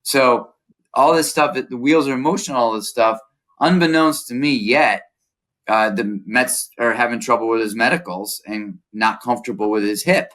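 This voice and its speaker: A man's voice: medium pitch, normal speed, fairly bright tone. A man working as a baseball reporter, recounting events in a casual conversation with a lot of detail and frequent "uh"s.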